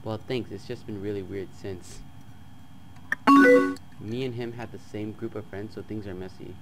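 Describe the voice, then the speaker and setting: A man playing a chat game on his channel, reading the messages aloud in a flat tone and breaking into loud, excited outbursts. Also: fairly low pitch, moderate pace, over loud music. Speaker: gaming YouTuber. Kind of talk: let's play commentary, reading chat aloud.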